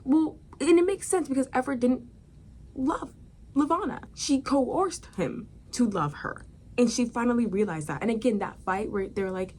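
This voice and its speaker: A woman's voice: fairly high pitch, moderate pace, darkish tone, a little hiss or hum. A woman reviewing a book in a casual chat, rambling with lots of fillers and dramatic asides.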